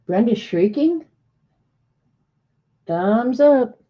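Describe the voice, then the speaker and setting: A woman's voice: fairly high pitch, animated, drawn-out words. A woman hosting a casual art livestream, chatting, greeting viewers by name and reading snarky sayings aloud. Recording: dull lo-fi stream audio.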